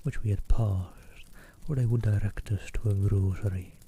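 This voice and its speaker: A man reading a travel book aloud in a soft ASMR whisper, stopping for self-deprecating asides. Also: on the low side, steady tone, normal speed, slight background noise. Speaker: ASMR streamer.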